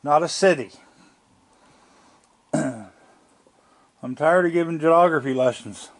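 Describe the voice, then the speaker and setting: Older guy talking outdoors on a handheld camera, plainspoken and chatty, voice a bit on the high side. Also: very slow. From Nova Scotia, Canada. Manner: plainspoken, chatty, talks to the animals in a gentle coaxing voice. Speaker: wildlife vlogger. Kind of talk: casual talk while feeding raccoons. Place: outdoors at his house.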